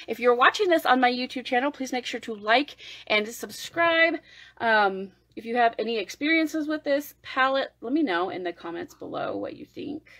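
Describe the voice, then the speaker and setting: A woman vlogging a makeup unboxing livestream, gushing and excitable, sometimes dropping to a whisper. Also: a little high, normal speed, no room sound, low-quality recording. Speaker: beauty vlogger.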